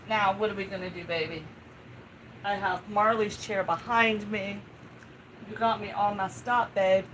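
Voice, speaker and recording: A woman's voice: medium pitch, sharp tone, a little hiss or hum, low-quality recording. A woman hosting a live stream, talking casually while she grooms her dog, with a coaxing, soothing baby-talk manner. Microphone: home live-stream setup.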